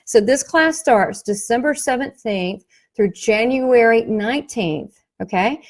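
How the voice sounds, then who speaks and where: Slightly high and unhurried, the psychic medium with a Southern US accent talks up her class. As a workshop host she speaks emphatically in a folksy tone, with animated storytelling in a motivational promo.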